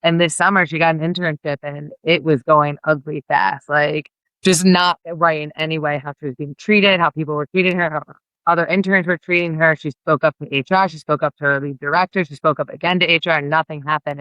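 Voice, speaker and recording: A woman basketball coach talking candidly in a podcast interview, earnest and quick, with lots of "like" and restarts. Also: low voice, steady tone, pushed and bright, dry recording, lo-fi sound. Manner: rapid and earnest, heavy use of "like", with frequent restarts. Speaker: college basketball head coach.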